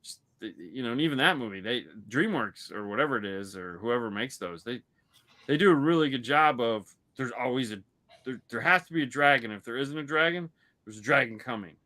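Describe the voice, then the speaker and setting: A man's voice: medium pitch, lively intonation, a little fast, sharp tone. A man co-hosting a podcast, chatting casually about movies and telling rambling stories with lots of restarts. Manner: rambling, full of restarts and storytelling. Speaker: podcast co-host. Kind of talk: casual movie-review chat.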